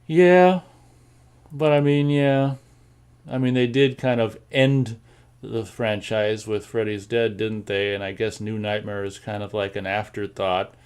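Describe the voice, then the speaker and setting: An American man hosts a casual live show, answering chat comments in a low-pitched voice. He rambles along with plenty of fillers, restarts and repeated words. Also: little pitch movement, normal speed, smooth. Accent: General American.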